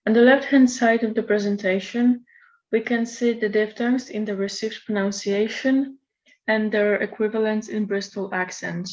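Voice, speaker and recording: A woman gives a recorded lecture presentation in a measured, explanatory manner. Her voice sits at a middle pitch, and the recording sounds slightly dull and lo-fi. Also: fairly even intonation, darkish tone.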